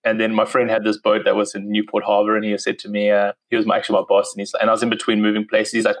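Fast-talking South African man, low voice. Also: completely flat delivery, poor audio. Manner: chatty, laughs easily, lots of "like". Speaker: interview guest. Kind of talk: casual conversation.

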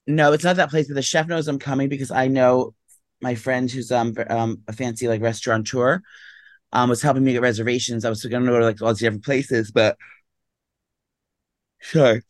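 A man's voice: mid-range voice, steady tone, a little fast, no echo. A man in his thirties chats on a podcast, rambling loosely with plenty of "like" and "um". He sounds sleepy, as though he has just woken up. The recording is dry and close, with no room sound. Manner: rambling, full of "like" and "um", sleepy and yawning. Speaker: podcast co-host. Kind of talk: casual chat.

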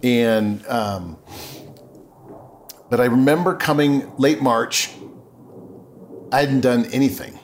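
A man's voice: mid-range voice, slow, long pauses, slight background noise. A middle-aged man, a podcast guest, telling his life story in an earnest, emotional way and often correcting himself mid-sentence. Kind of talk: candid personal storytelling.

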